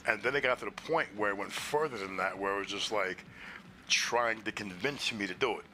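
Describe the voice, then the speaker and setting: A man's voice: fairly low pitch, a little fast, bright, forceful tone, a little hiss or hum. A man casually telling a story on a stream, profane and exasperated, acting out both sides of the conversation. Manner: profane, exasperated retelling with quoted dialogue.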